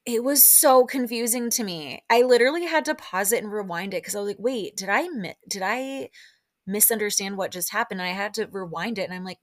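A chatty woman recaps a reality show in a casual, exasperated way, jumping up into raised voices to act out what others said. Her voice sits fairly low, and the sound is dry and close, with no room around it. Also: dry recording.

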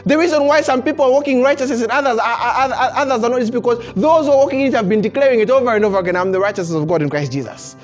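A man's voice: very high-pitched, rapid-fire, few pauses, faint music behind. A man preaching a sermon to a congregation. He chuckles often and restarts his phrases as he builds his point. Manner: animated preaching with frequent chuckles and repeated words. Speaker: pastor. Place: church service before a congregation.

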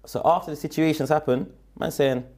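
A young man with a London accent and a fairly high-pitched, fairly quick voice, appearing as a guest in a casual interview. He tells a rambling story packed with street slang and grows animated as he retells it.

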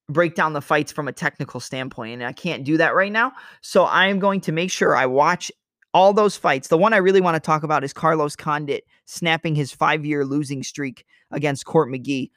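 A show host with a fairly high, slightly bright male voice gives a casual monologue breaking down a fight, loose and chatty, now and then bursting into sound effects for the punches. The recording is dry and close, with no room echo.

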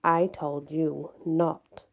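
A woman voicing a wicked, wrinkled little male imp in a storybook reading, speaking in a sly, taunting, hushed way. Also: sits low, flat delivery, drawn-out words, creaky, heavily acted.

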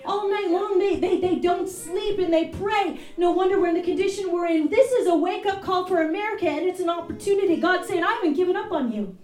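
A woman elder preaches with fervent, exhorting urgency, her voice high-pitched yet mellow in tone. She is heard from some distance in an echoey church room. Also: steady tone, brisk, few pauses. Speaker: elder sharing at a fellowship service. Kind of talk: sermon. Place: church fellowship service.

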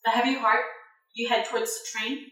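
A woman's voice: fairly high pitch, little pitch movement, brisk, sharp tone. A woman running a tabletop game, narrating in a casual way with lots of fillers. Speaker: game master. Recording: echoey room, far from mic.

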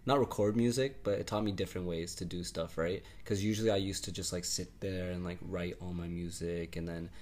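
A man from Canada, a music artist, telling a studio story in a relaxed way, with lots of fillers and casual swearing. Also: sits low, brisk, few pauses. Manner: laid-back, lots of filler words and laughs, casual swearing. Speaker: interview guest, music artist.

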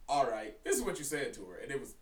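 A young man co-hosting a podcast, telling a story in casual, profane chat with an animated delivery. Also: medium pitch, quick pace, recorded from a distance. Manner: animated, profane, breaks into laughter. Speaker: podcast co-host. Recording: roomy echo, somewhat off-mic.

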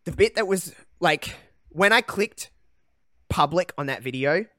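A man's voice: on the high side, lively intonation, sharp tone, no echo, studio quality. Candid man telling an emotional story. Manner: candid, emotional, halting with fillers. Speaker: podcast host. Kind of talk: personal storytelling chat.

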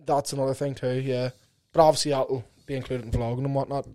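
A man co-hosting a podcast, talking in a rambling, animated way and swearing casually. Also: mid-range voice, fast, no room sound. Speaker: podcast co-host. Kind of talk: casual chat. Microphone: podcast mic.

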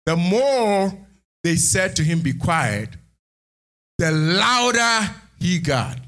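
A man preaching a sermon in church, animated, moving between hushed asides and shouted lines. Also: high-pitched, takes it slowly. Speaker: pastor.

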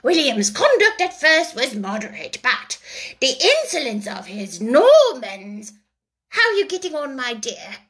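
A woman's voice: high voice, big pitch swings, measured pace, fairly bright tone, voice pushed up, full character voice. A woman voicing a self-important male mouse who lectures primly and grows cross when interrupted. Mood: pompous.

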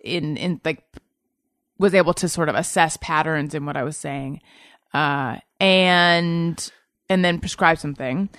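A woman's voice: low voice, a little slow, a bit bright, no echo, clean studio sound. A woman in her thirties, a podcast host, chatting casually in a rambling, self-deprecating way, often restarting and rephrasing while telling a story about her own anxiety. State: anxious. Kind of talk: casual chat.

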